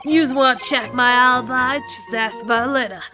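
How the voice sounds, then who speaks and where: A woman voicing a brash, tough-talking mobster loan shark, attempting a gruff Brooklyn drawl. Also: high voice, normal speed, music in the background, lightly acted. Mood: menacing.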